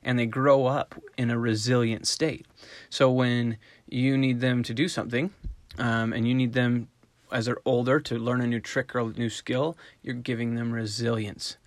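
A middle-aged man talks through dog training in an easygoing, conversational way, now and then slipping into quick voiced examples. His pitch sits in an ordinary middle range, and the sound is dry and close with no room echo. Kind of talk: casual instructional talk.

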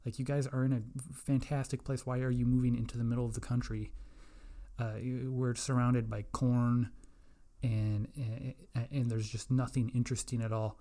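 A young man talks alone into his mic, hosting a loose podcast. His tone is mellow and relaxed, and he rambles and swears often, poking fun at himself and his listeners. His pitch sits in the middle. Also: moderate pace. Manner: profane, rambling, self-mocking. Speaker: podcast host. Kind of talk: casual solo podcast rant.

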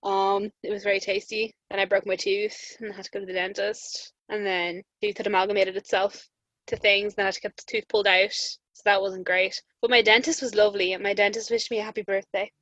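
A woman's voice: medium pitch, level tone, a little fast, fairly bright tone, no room sound, highs cut off. A young woman with an Irish accent, chatting casually and telling stories full of "like" fillers and laughter. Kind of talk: casual chat.

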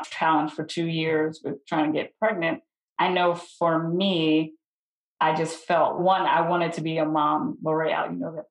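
A woman's voice: low-pitched, reverberant, poor audio. A woman co-hosting a podcast who speaks openly and earnestly in casual conversation and laughs easily. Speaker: podcast co-host.

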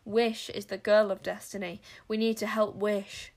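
A woman voicing a desperate, defiant young boy wizard who shouts in a storybook. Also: medium pitch, flat delivery, normal speed, lightly acted. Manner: shouting, strained.

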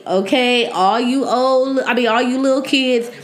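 A young woman hosting a podcast in a casual, joking chat style, loud and animated. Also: on the high side, unhurried. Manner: loud, joking and animated, talks back to the screen. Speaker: podcast host. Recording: echoey room.

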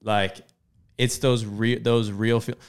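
A man's voice: lowish voice, little pitch movement, slow pace, clean tone. A young married man co-hosting a faith podcast, talking in a casual, enthusiastic way. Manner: casual, enthusiastic, calls people bro. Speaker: podcast co-host. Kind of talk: candid faith podcast chat.

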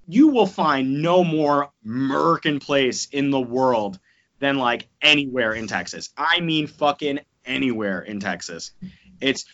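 A young man co-hosting a wrestling podcast, rambling, joking and swearing freely. His voice sits high and bright, and the recording is dull and lo-fi. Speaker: podcast co-host. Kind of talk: casual chat.

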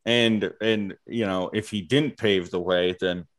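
A man in casual chat, talking haltingly with many fillers and casual swearing. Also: low-pitched, fairly even intonation.

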